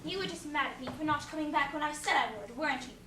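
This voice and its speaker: A woman's voice: high voice, rapid-fire, a crowd in the background, close to an everyday voice. A woman playing an earnest spirited young girl. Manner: earnest, eager. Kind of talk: stage musical acting. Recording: distant echoey stage recording, noisy.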